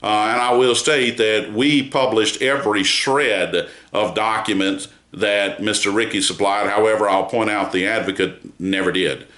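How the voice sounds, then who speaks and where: A man giving a spoken news commentary on a court trial, measured and emphatic, with frequent pauses and fillers. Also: fairly low pitch, steady tone, a bit bright, roomy sound. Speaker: news site founder giving a report.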